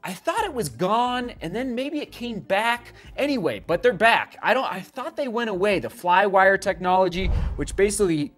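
Excitable man rambling about running shoes. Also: high-pitched, normal speed, few pauses, faint music behind. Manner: enthusiastic, rambling, self-interrupting. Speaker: running shoe reviewer. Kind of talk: excited product review vlog.

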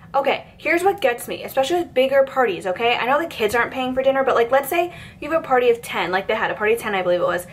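A woman's voice: fairly high pitch, animated, very fast, hardly any pauses, a little hiss or hum. A woman in her twenties telling a work story, chatty and exasperated, with lots of fillers. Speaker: vlogger. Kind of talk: storytime rant.

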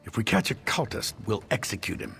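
A dutiful army captain. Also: male voice, on the low side, wildly swooping pitch, brisk, gravelly, a bit bright, soft background music, heavily acted. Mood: matter-of-fact. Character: male army captain, matter-of-fact and dutiful. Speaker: video game character.

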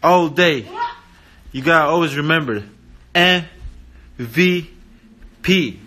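A man in his twenties chatting loudly and playfully on a livestream from home, teasing the people around him. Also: on the high side, slow pace. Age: 20s. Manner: playful, teasing, loud banter. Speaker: athlete hosting a livestream. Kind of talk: casual livestream chat. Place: at home indoors.

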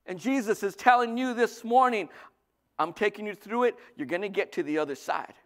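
A male pastor preaching a sermon, lively, swinging from loud bursts to soft asides. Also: high-pitched, brisk.

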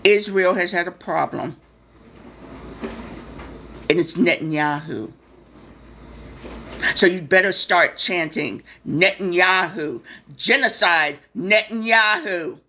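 A woman's voice: fairly low pitch, takes it slowly, long pauses, pushed and bright, a little hiss or hum. A woman hosting a live stream, delivering a blunt, profane and sarcastic impassioned rant.

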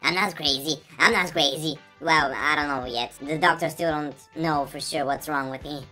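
A woman's voice: low voice, normal speed, bright, forceful tone. A woman giving playful let's-play commentary, chatty and teasing as she talks to the characters on screen. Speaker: gameplay commentator. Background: game music.

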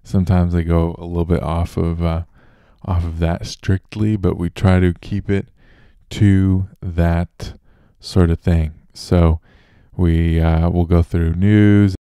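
Deep, flat-voiced male podcast host. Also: slow pace, clean tone, dry recording, studio quality. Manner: relaxed and loose, with fillers and restarts. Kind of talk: casual solo podcast monologue.

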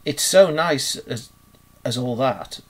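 A man, voicing a shy, eager young male mole in a storybook reading, breathless and excitable. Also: mid-range voice, slow pace, slightly rough. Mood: wondering.

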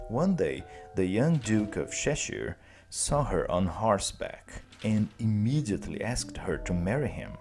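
A man teacher narrating a classic story slowly and clearly for language learners. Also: deep voice. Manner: slow, clear, expressive.

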